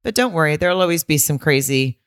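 A woman's voice: sits low, expressive, no room sound, clean studio sound. Teasing, chatty comedian woman. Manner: chatty, teasing, quick to laugh. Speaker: comedian and podcast co-host. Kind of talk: casual chat.

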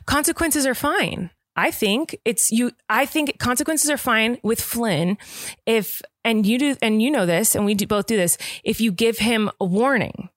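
A woman's voice: a little high, moderate pace, no echo, studio quality. A young woman in a casual chat about raising her son, earnest and rambling, often acting out what she and the child say. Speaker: parent in a podcast chat.

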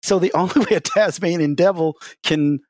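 A man with a fairly high-pitched voice talks as an expert guest, explaining and telling stories with animated energy. He leans on "you know" as he goes. The recording is dry and close, with no room sound. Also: moderate pace, dry recording. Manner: animated storyteller, many "you know" fillers; lively, swings in pitch. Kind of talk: casual explanatory interview talk.

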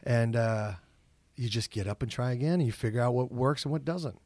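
Man, middle-aged, comedian guest, casual storytelling, lively, dry close sound. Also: medium pitch, a little fast, no echo. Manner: animated storyteller, acts out his own inner voice. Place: office.

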